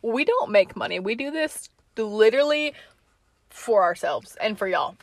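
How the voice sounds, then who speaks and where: A young woman, co-hosting a podcast with quick, teasing reactions. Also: on the high side, expressive, no room sound. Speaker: podcast co-host. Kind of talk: casual chat.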